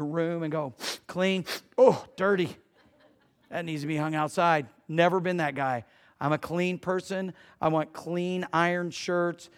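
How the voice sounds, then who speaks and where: A middle-aged male pastor preaching with a slightly higher than usual voice. He tells a story softly and quietly, then presses his points with rising emphasis. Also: clear, resonant tone. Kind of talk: sermon.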